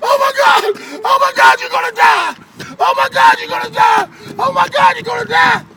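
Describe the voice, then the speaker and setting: A man voicing a big, frantic man screaming in terror, recorded from far away outdoors with loud traffic noise around him. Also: very high-pitched, normal speed, creaky, a loud crowd, pitched above the performer's own voice. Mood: panicked. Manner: shrieking, frantic. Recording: far from mic, loud street and car noise.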